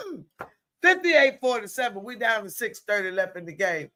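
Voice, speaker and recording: A woman streaming live play-by-play commentary in a chatty, colloquial way, exclaiming loudly at good plays. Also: mid-range voice, expressive, moderate pace.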